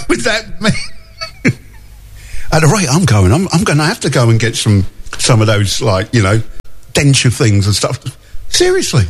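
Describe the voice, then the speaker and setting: A man's voice: medium pitch, huge pitch swings, a little slow, pauses often, slightly rough. A male radio host chatting and reading out listener messages in a jokey way, laughing often.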